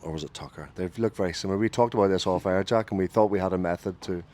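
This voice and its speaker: A man with a low-sitting voice calls a radio cricket broadcast from the commentary booth at a very fast clip. He describes every ball in lively fashion and fixes his own slips as he goes.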